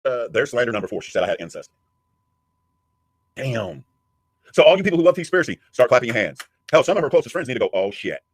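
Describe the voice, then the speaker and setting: A man's voice: medium pitch, sing-song, fast talker, pauses often, dry recording. A man giving a crude, taunting rant as a streamer answering a critic. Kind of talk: profane ranting commentary.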